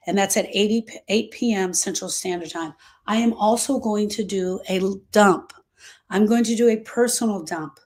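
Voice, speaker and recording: A woman's voice: mid-range voice, darkish tone. Grief-coach host, woman, live-stream talk, repeats key points for emphasis. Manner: emphatic, repeats phrases, reads viewer comments aloud. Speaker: grief coach hosting a livestream.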